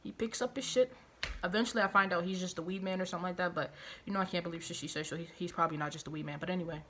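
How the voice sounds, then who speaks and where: A woman vlogger telling a personal story, animated and profane, hammering her points home through repetition and outraged disbelief. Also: medium pitch, a little hiss or hum. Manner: animated, profane, emphatic retelling with heavy repetition; outraged, incredulous. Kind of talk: storytime vlog.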